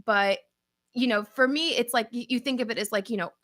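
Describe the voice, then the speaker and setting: A woman's voice: fairly high pitch, brisk, fairly bright tone, dry recording, clean studio sound. A young woman from New York with a New York accent, chatting casually with viewers as host of a livestream Q&A, upbeat and often laughing. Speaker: channel host.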